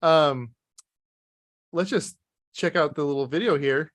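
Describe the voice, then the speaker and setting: A man in a casual chat, calmly bringing up places to visit. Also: fairly high pitch, measured pace, no echo, clean studio sound. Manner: laid-back, presents travel topics.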